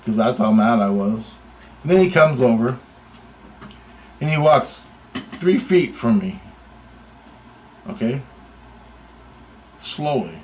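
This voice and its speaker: A man's voice: medium pitch, lively intonation, slow pace, pauses often, darkish tone, poor audio. A man telling an angry, profanity-laced story about his bird photography, talking in a heated, sarcastic way. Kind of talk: angry ranting anecdote.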